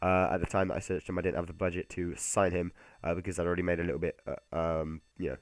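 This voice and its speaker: A man's voice: sits low, level tone, fast, no echo. A young man giving casual, rambling commentary over a football video game, with lots of fillers and restarts. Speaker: gaming YouTuber.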